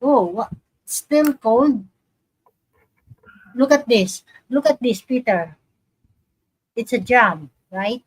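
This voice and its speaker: Slow-talking woman on a live stream. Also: fairly high pitch, animated, husky, rough recording. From Philippines. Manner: chatty, reads viewer comments aloud, laughs often. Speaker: vlogger hosting a live stream. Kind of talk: casual live-stream chat.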